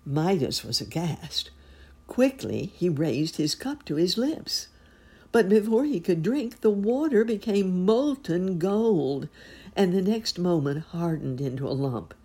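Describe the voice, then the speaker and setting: Woman with a low, gravelly storytelling voice. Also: very animated, takes it slowly, mellow. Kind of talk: storybook reading.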